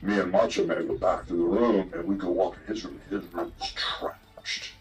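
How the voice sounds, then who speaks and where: A man's voice: deep voice, fairly even intonation, moderate pace, faint music behind, rough recording. An older man telling rambling, profane stories in a casual interview. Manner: profane, rambling yarn-spinner. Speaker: guest telling old stories. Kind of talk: casual storytelling.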